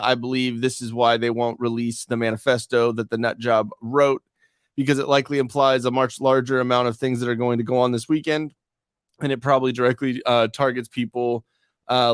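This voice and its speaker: A male podcast co-host talking in a loose, rambling way, full of fillers and curses. His voice sits at an ordinary middle pitch. The room is dry, with no echo. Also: flat delivery, fairly quick, clean tone. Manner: profane, rambling, many fillers. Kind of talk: casual podcast chat.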